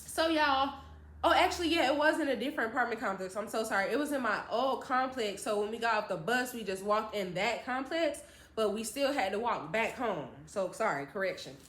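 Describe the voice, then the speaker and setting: A woman vlogger telling a story in a casual, animated, slangy way, talking straight to her viewers. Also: fairly high pitch, brisk, roomy sound.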